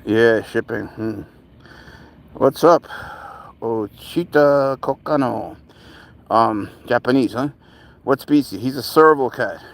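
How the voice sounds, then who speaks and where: A man's voice: medium pitch, slow, creaky, long pauses, low-quality recording. A man hosting a casual live stream with his pet cat, chuckling as he answers viewer questions while walking outdoors. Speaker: livestream host with a pet serval. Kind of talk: casual live-stream chat reading comments.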